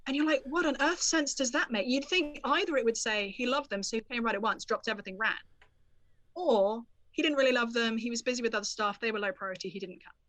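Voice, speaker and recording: A woman author, a podcast guest, explaining a Bible passage in an animated, storytelling manner. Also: fairly high pitch, quick pace, dry recording. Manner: animated storyteller, quotes scripture expressively. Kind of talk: conversational Bible teaching.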